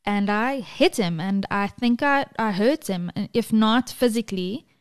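Woman podcast co-host, near tears, candid and blunt, mid pitch, casual chat. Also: a little slow, clear, resonant tone. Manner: emotional, tearful, frank with swearing. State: close to tears.

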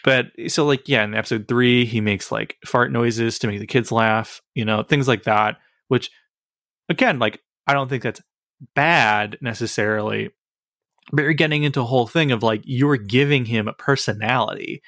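A man's voice: medium pitch, normal speed, a bit bright, no echo, clean studio sound. A young man co-hosting a podcast in casual, rambling chat, full of fillers. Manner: rambling, filler-heavy, frequent "like". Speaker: podcast co-host.

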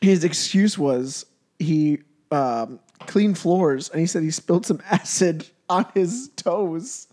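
A man's voice: fairly high pitch, slow pace, dark tone. A man hosting a podcast, talking in an easygoing, chatty way. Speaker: podcast host. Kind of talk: casual chat.

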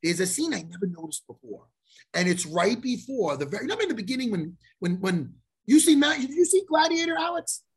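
A man hosting a podcast, telling a story in a profane, animated way and acting out the lines of the people in it. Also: sits high, a little fast, husky. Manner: profane, animated storyteller who acts out quotes. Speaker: podcast host. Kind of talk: casual storytelling chat.

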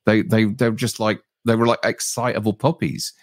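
A man hosting a casual livestream chat, relaxed and hesitant, with plenty of fillers. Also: fairly low pitch, moderate pace, dry recording, clean studio sound. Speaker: livestream host.

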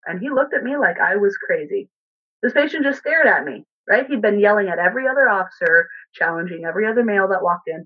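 A woman recounting a work experience in a casual, animated way, with fillers and restarts. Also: on the low side, breathy edge. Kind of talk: casual storytelling. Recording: tinny phone line.

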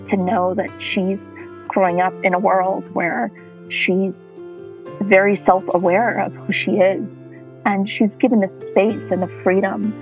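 A woman's voice: mid-range voice, rough recording. A middle-aged woman telling a personal story as a guest, reflective and at times choked up.

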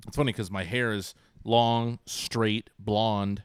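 A man's voice: on the low side, takes it slowly, clear, resonant tone, no echo. A man in his forties co-hosting a casual sports podcast, telling stories animatedly and acting out his kids' voices. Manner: animated storyteller, acts out voices of his kids. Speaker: podcast co-host.

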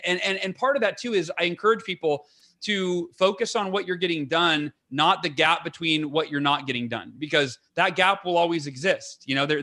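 A man with a bright, fairly high voice who talks as a podcast guest. He is earnest and eager, piles up fillers and restarts, and speeds through his points. The talk is casual and unscripted.

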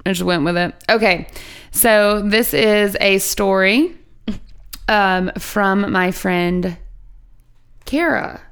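A woman's voice: medium pitch, takes it slowly, clean tone. A woman co-hosting a podcast in casual chat, laughing often and swearing casually. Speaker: podcast co-host.

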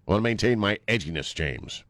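A man's voice: on the low side, expressive, fast, fairly bright tone, dry recording. A man hosting a talk radio show, joking and laughing in a laid-back way. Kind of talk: casual talk radio banter. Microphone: studio mic.

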